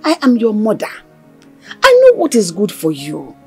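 An actress playing a middle-aged Nigerian mother in a film drama, coaxing and chiding her daughter in a husky voice, mixing in Igbo phrases. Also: mid-range voice, huge pitch swings, moderate pace, warm tone, soft background music, heavily acted.

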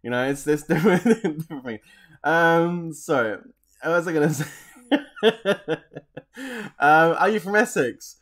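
A man's voice: a little high, animated, unhurried, long pauses, fairly bright tone. A man with an English accent from southeast England, chatting casually on a game live stream, rambling, reading out comments and laughing often.

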